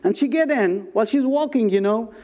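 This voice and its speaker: A man from Nazareth, speaking halting as a guest speaker giving his testimony and jokes in church. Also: very high-pitched, a little mellow. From Nazareth, Israel. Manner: non-native English, joking storyteller with pauses. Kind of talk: testimony and humorous sermon in church.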